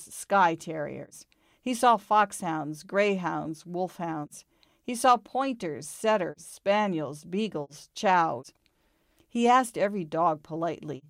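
Calm woman reading a children's story. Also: fairly low pitch, no echo, studio quality. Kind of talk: children's story read aloud.

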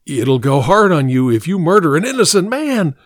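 A man's voice: very animated, normal speed, no room sound, clean studio sound. A man voicing a terrified male salesman in a read-aloud story, stammering and pleading for his life. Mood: desperate. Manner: stammering, pleading, high and frantic. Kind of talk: dramatic story reading.

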